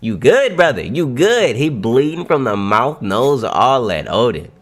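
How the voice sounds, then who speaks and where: A man reacting live to a new manga chapter, excitable and profane, often laughing and exclaiming loudly. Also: medium pitch, a little slow, faint music behind.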